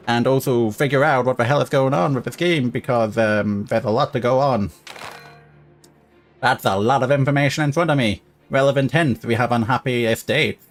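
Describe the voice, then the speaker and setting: A man giving casual let's-play commentary on a strategy game, thinking aloud with fillers and restarts. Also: mid-range voice. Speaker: gaming YouTuber.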